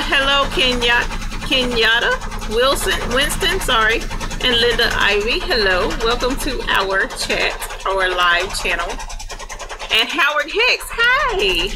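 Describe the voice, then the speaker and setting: Chatty woman livestreaming over machine hum. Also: sits high. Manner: chatty, greets viewers by name, laughs often. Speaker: livestream host. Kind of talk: casual live chat with viewers. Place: workroom with embroidery machine running. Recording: clear machine hum behind voice. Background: embroidery machine noise.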